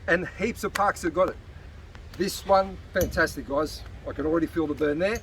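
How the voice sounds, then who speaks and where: His voice is a little high and his speed normal as this fitness coach guides viewers through his outdoor exercise routine, encouraging though slightly winded. It's a casual demonstration in a beach park, recorded on a distant mic with traffic in the background.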